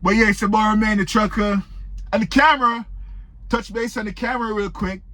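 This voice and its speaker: A man's voice: sits high, fairly even intonation, brisk, pushed and bright. Laid-back trucker man rambling casually. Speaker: truck driver vlogger. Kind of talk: casual storytime chat. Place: parked truck cab.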